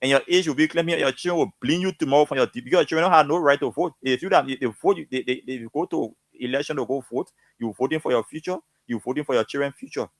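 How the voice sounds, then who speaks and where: A man's voice: mid-range voice, quick pace, few pauses, no room sound. A man speaking as a guest, fervent and preachy, stirred up and emotional. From Liberia. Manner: fervent, preachy, repeats himself. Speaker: guest commentator. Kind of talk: impassioned political talk.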